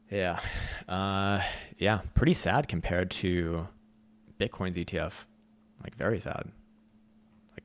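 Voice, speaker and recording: A man's voice: deep voice, a bit bright. A man giving blunt, sarcastic live market commentary, swearing freely.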